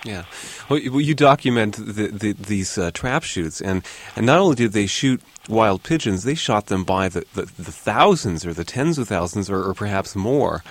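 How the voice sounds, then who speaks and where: A man hosting a radio interview, asking questions in a halting way with many restarts. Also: fairly low pitch, expressive. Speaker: interviewer host.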